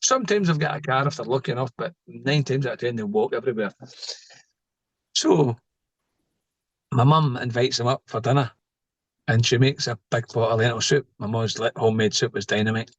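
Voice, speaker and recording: A man's voice: mid-range voice, a little fast, pauses often, no echo. A middle-aged man, a podcast guest telling stories in a casual, joking way and laughing at his own tales. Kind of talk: casual storytelling interview.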